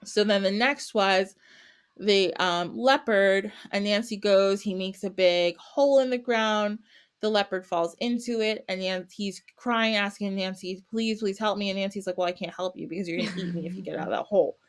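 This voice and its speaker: Woman, podcast guest, animated storyteller, playful character voices, casual tone. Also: medium pitch, moderate pace, smooth. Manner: animated, acts out characters with little voices and laughs.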